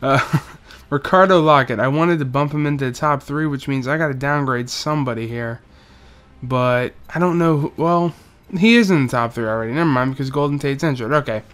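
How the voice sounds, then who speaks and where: A man's voice: medium pitch, brisk, fairly bright tone. A young man giving casual, joking commentary over a football video game, rambling through stats and doing mock play-by-play. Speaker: gaming YouTuber.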